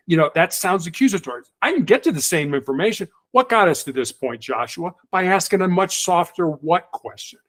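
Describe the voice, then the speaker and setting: A middle-aged man, a guest in an interview, telling stories in a lively conversational way and acting out the people he quotes. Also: high-pitched, brisk, hardly any pauses. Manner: animated, acts out quoted voices. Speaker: guest, former hostage negotiator.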